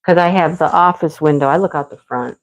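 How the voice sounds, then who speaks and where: A woman's voice: low voice, a little fast, rough recording. A middle-aged woman chatting casually with her viewers while she works on a craft, laughing often. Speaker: livestream crafter. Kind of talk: casual chat while diamond painting.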